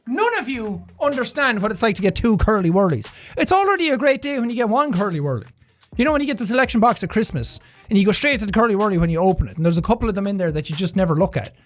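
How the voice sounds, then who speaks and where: A young man from Ireland with an Irish accent, doing casual reaction commentary in an excitable, jokey way and swearing freely. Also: high-pitched, racing, faint music behind. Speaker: reaction video creator.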